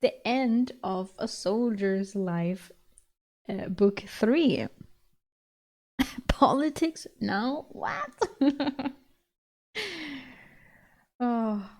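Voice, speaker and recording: A woman's voice: a little high, extremely slow, pauses often, darkish tone. A young woman streamer chatting casually with her viewers, laughing often and swearing casually.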